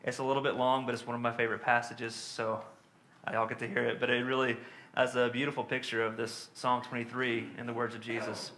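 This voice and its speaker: Guy preaching, bright voice, lots of um and right? like he's just talking to you. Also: medium pitch, level tone, fast. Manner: conversational teaching with many fillers and tag questions. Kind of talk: sermon.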